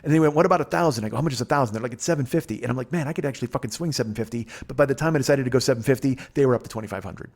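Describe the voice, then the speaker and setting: A man's voice: mid-range voice, very fast, few pauses, darkish tone. Profane, rambling man telling a story. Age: 40s. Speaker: podcast host. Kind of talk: casual storytelling chat.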